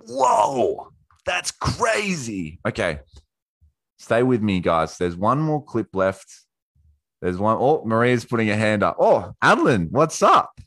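A man hosting an online workshop in a casual, profane way, often acting out quotes in a high voice. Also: a bit bright, dry recording. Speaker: workshop host. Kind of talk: casual motivational talk.

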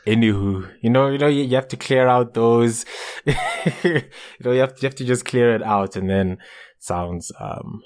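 A man co-hosting a podcast in relaxed, playful chat, sometimes half-singing song lyrics. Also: medium pitch, normal speed. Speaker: podcast co-host. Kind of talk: casual chat.

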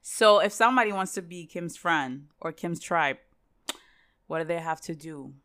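A woman's voice: lowish voice, moderate pace, fairly bright tone. A woman co-hosting a podcast in casual chat, asking questions and steering the conversation. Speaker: podcast co-host.

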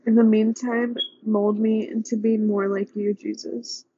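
A young woman speaking an earnest, pleading personal prayer with a breathy voice. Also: on the high side, level tone, measured pace, mellow, dull audio, slight background noise. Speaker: vlogger praying aloud.

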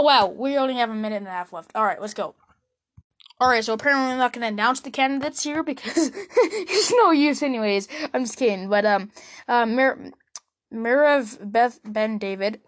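Joking, chatty young woman host. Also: on the high side. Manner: joking, chatty, laughs often. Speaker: podcast host reacting to a debate. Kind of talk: casual chat.

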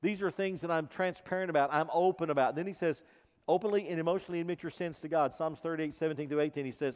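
A man's voice: a little high, fast talker. Impassioned male pastor in a reverberant hall. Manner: impassioned, swinging from loud emphasis to quiet intensity. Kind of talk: sermon.

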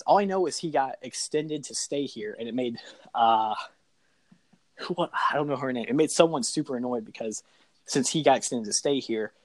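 A man's voice: medium pitch, no echo. A young man co-hosting a casual podcast, rambling with lots of hesitant fillers. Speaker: podcast co-host.

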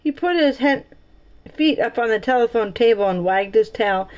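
A woman's voice: on the high side, animated, moderate pace, a little mellow, lo-fi sound. A woman reading a chapter book aloud, playful, adding teasing asides between passages. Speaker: storybook reader.

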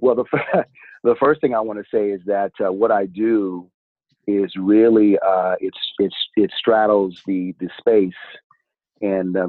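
Deep husky guy chatting as a podcast guest over a tinny phone-ish call, laid back, repeats himself. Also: dry recording. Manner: easygoing, explanatory, chuckles, repeats words. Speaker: podcast guest, BDSM and tantra practitioner. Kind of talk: casual interview talk. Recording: tinny phone-like audio, dry.

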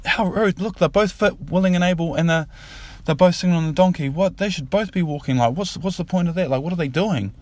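A man's voice: high-pitched, fairly quick, hardly any pauses, a little mellow, no room sound, pitched above the performer's own voice, natural voice. A man voicing an indignant animal activist who scolds passers-by while telling a story. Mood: outraged. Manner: outraged, scolding.

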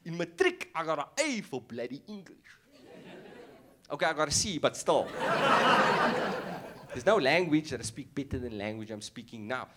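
A man with a South African accent performing a stand-up set, animated and playful with mocking asides. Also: fairly high pitch, moderate pace, long pauses, heavy background noise. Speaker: stand-up comedian.

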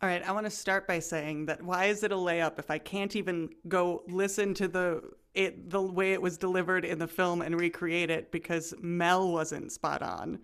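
Woman cohosting a podcast, clear smooth voice, a bit low, rambles and laughs at herself. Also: fairly even intonation, normal speed, few pauses. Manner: chatty, self-mocking, explains at length. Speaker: podcast co-host. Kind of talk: casual chat.

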